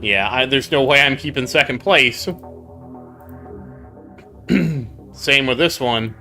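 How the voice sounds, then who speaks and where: A man's voice: mid-range voice, takes it slowly, pushed and bright, faint music behind. A man hosting a gaming channel, chatting casually over gameplay as a rambling storyteller who laughs often and repeats himself.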